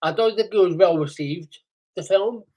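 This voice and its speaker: A man co-hosting a casual podcast chat over a remote call, agreeable and halting, with many fillers. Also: high-pitched, a little mellow. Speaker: podcast co-host.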